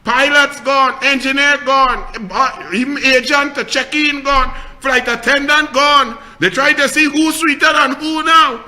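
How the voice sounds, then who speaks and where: A man's voice: very high voice, steady tone, measured pace, hardly any pauses, bright, forceful tone. A middle-aged man with a Trinidadian accent, hosting a political commentary show in a heated, mocking, scolding rant.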